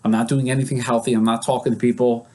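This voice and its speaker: A man's voice: medium pitch, little pitch movement, quick pace, warm tone. A male psychologist who leads therapy groups, teaching casually and acting out example scenes in quoted voices. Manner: conversational, with many fillers.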